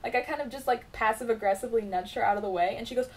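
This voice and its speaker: A young woman with a slightly raised pitch tells self-mocking stories on a casual podcast and laughs through her own lines. A faint hum of room ambience sits under her voice. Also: fast talker, hardly any pauses. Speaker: podcast co-host. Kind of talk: casual chat.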